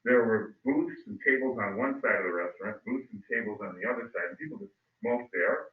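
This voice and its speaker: A middle-aged male history teacher telling a story to his class, animated and acting out voices. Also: on the low side, a little fast. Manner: animated, acts out voices, loud bursts. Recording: phone-like, echoey, distant mic.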